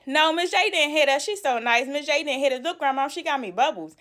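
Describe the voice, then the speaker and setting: A woman voicing excited little children with high, squealing, giggly voices. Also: brisk. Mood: eager.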